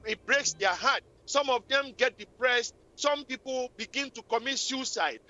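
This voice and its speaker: In this lo-fi radio clip, a woman with a fairly high, bright and forceful voice runs a talk show. She preaches about relationships, scolding in an impassioned, repetitive way.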